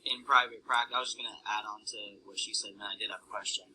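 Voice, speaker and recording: A man's voice: on the low side, steady tone, racing, pushed and bright, slight background noise, low-quality recording. A man speaking up as a student in a classroom discussion, casual and hesitant with many fillers.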